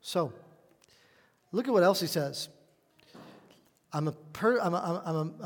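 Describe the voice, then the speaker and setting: A man preaching a sermon as pastor, earnest and emphatic, moving between loud stressed points and quieter asides. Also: high voice, animated, slow, pauses often. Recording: long reverb of a church hall.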